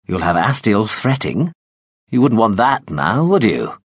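A man voicing a smug, wealthy, menacing man in an audiobook, with a deep voice and a pompous, cajoling, theatrical manner. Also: sing-song, a little slow, slightly rough, dry recording, studio quality, heavily acted. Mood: cajoling menace. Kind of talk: audiobook character voice.

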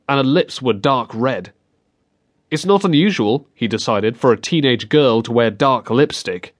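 Expressive male audiobook narrator. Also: mid-range voice. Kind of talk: scripted narration. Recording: dry close studio sound.

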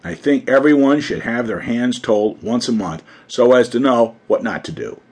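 A gushing, gossipy grand society hostess, as a man puts her on. The voice swoops through a lively, animated range with a slightly husky edge, bright with excited chatter. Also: mid-range voice, normal speed.

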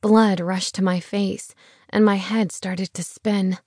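Woman audiobook narrator, slow and expressive, first-person romance, dry close studio sound. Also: medium pitch, no room sound. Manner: expressive, wry heroine voice, hushed asides.

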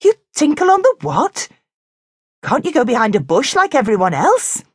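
Woman voicing a high squeaky show-off penguin lad, storybook, big swoops in his voice. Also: moderate pace, no echo, clean studio sound. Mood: indignant. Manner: high, excitable, yelling. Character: boastful young male penguin, show-off.

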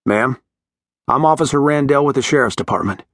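A male narrator playing a calm sheriff's officer who speaks in a reassuring way. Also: mid-range voice, brisk, voice pushed up.

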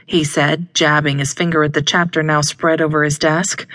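A woman narrating a first-person audiobook in a measured, even storytelling way. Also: low-pitched, no echo.

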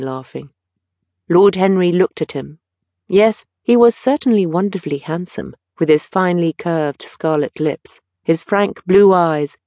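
A woman with a voice on the low side narrates a classic novel audiobook, reading from a script in a measured, expressive way. The recording is studio quality with no echo.

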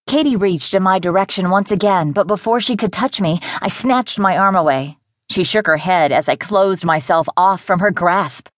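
A woman narrating a romance novel in the first person, in a measured, intimate way. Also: lowish voice, dry recording, clean studio sound. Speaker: audiobook narrator.

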